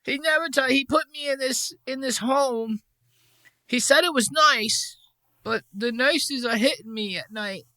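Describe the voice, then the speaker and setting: A man voicing a lonely, self-pitying elderly mother in a high quavering falsetto, complaining plaintively. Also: bright, forceful tone, no room sound. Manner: whiny, plaintive. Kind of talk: mocking impression in casual podcast commentary.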